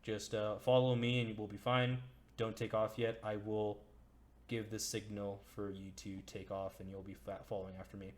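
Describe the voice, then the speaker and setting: A man's voice: on the low side, little pitch movement, normal speed. Easygoing man running a tabletop game. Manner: easygoing, chatty, lots of fillers. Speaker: game master.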